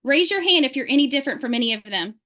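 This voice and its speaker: Over a video-call mic, a high-voiced woman leading a sales team gives a fervent pep talk, firing off questions one after another. Her delivery is animated with a sharp edge.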